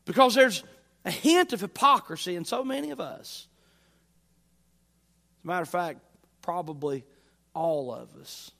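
High-voiced preaching man. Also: big pitch swings, measured pace, creaky, long pauses, bright, forceful tone. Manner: emphatic, repeats phrases with rising force. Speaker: pastor. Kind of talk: sermon. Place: church.

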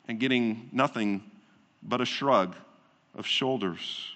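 A pastor delivering a sermon in a deliberate, emphatic way, repeating phrases and asking rhetorical questions. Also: male voice, mid-range voice, fairly bright tone. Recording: long reverb of a large hall.

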